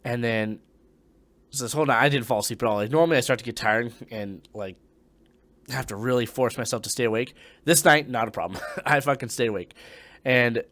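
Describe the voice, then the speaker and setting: Spinning a ghost story, a young man who used to be a Marine swears casually, drops his voice to a hush, then erupts loudly. His pitch is medium, and there is no echo.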